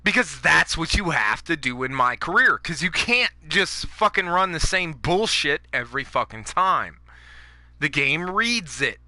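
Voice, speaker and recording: A man's voice: fairly high pitch, sing-song, unhurried, sharp tone, no room sound. A man ranting over gameplay, profane and fired up, going after other players' habits. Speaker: gaming YouTuber.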